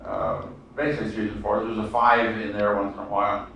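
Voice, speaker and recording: A man teaching a seminar class in a halting lecture style, full of fillers and restarts. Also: on the low side, level tone, vocal fry, pushed and bright, a little hiss or hum. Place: seminar room. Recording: echoey room, mic far off.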